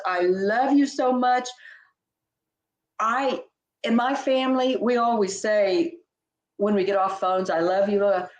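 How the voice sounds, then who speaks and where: Older woman reminiscing in an echoey room. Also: fairly high pitch. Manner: heartfelt, meandering, with many restarts. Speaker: senior sales director. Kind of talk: reminiscing conversation.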